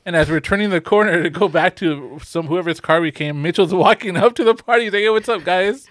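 A man's voice: high-pitched, fast talker, fairly bright tone, no room sound. A young man telling a rambling, profane story in casual podcast chat, laughing often. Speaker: podcast co-host.

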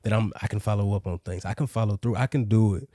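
A man's voice: on the low side, fast talker, dark tone, no echo, studio quality. A man hosting a podcast in casual chat, laid-back and slangy, turning reflective. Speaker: podcast host.

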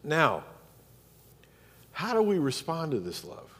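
Southern male pastor, emphatic repeating sermon style, slightly high-pitched, recorded in an echoing sanctuary. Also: huge pitch swings, takes it slowly, a bit bright, husky. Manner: preaching with rhetorical questions and emphatic repetition. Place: church sanctuary. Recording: long reverb of a church hall.

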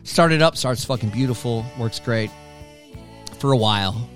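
A man's voice: medium pitch, a little slow, soft background music. A middle-aged man hosting a casual chat, laughing often and swearing freely. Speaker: podcast host.

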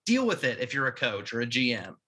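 Bright, lively man co-hosting a podcast. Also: medium pitch, husky. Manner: playful, quick to laugh and back-chat. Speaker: podcast co-host. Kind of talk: casual sports podcast chat.

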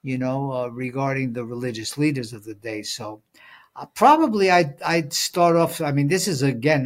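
A man co-hosting a Bible study podcast, talking things through thoughtfully with many fillers and reading scripture aloud. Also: mid-range voice. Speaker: podcast co-host. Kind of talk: casual Bible study discussion.

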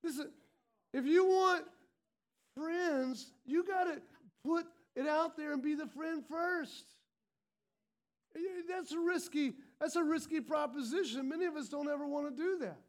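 A man's voice: very high voice, measured pace. A male pastor delivering a sermon, emphatic and repetitive, often restarting his sentences.

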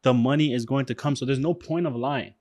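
A man's voice: medium pitch, a little fast, a little mellow. A man co-hosting a podcast in casual chat, blunt and straight-talking with slang. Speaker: podcast co-host.

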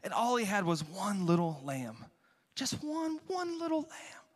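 A man voicing a stern biblical prophet who tells a parable and then gravely confronts a king. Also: fairly high pitch, expressive, normal speed, long reverb tail, pitched below the performer's own voice. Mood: storytelling.

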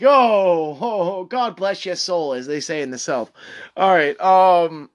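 Brief: ranting commentary vlogger, sarcastic and profane, very animated pitch, mid register. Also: slow pace. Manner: sarcastic, exasperated, swears often, mocking repetition; jumps between flat reading and loud outbursts. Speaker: commentator reacting to a news article. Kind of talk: reading an article aloud with ranting commentary.

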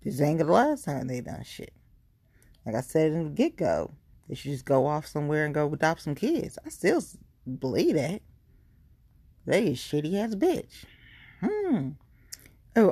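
Blunt, profane podcast woman, husky. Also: sits low, big pitch swings, measured pace, warm tone, no room sound. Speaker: podcast host. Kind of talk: casual ranting monologue.

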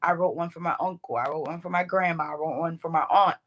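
The sound is lo-fi as a young woman from the Bronx, a poet with a New York accent, talks fast in a low register. She's a casual interview guest, slangy and animated, leaning on many fillers as she tells stories.

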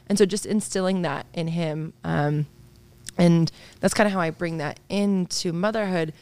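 Gravelly-voiced woman, earnest and reflective. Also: on the low side, steady tone, moderate pace. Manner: earnest, open and reflective, with soft laughs. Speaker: clinical psychologist and author, podcast guest. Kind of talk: candid interview conversation.

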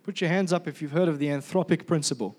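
Preaching with energy, this male pastor calls out for the congregation's response. He talks fast, his pitch is a little high, and there's a slight roughness to his sound.

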